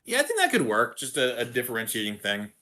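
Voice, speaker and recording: A man's voice: medium pitch, huge pitch swings, quick pace, sharp tone. A man co-hosting a stream, easygoing, often stammering on his words. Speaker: co-host and reader. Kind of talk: casual stream chat.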